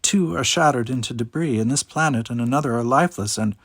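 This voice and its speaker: A plain-spoken woman officer on a starship, as a man reads her. The voice is gravelly and close. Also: medium pitch, fast, dry recording. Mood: earnest. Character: direct female starship officer.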